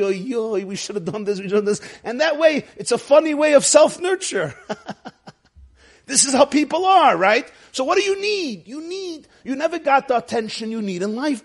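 A man teaching a spiritual lecture to an audience, animated and emphatic, asking many rhetorical questions. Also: sits high. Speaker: religious teacher.

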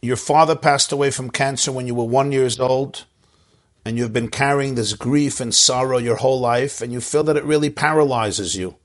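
A middle-aged man giving gentle, earnest spiritual advice on a live stream, often repeating words for emphasis. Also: mid-range voice, normal speed. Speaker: spiritual advice giver answering a chat question.

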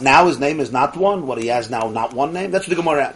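A man's voice: medium pitch, animated, fast, hardly any pauses. A man teaching a religious study class as a rabbi, emphatic, repeating key phrases and putting questions to his listeners.

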